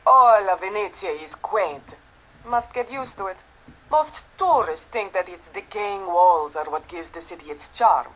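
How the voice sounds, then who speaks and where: An actress playing a vain, chatty Venetian landlady in a mystery game, with a lively, theatrical delivery. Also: mid-range voice, a little slow, poor audio. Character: tanned Italian landlady in Venice, vain, chatty. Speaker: game character.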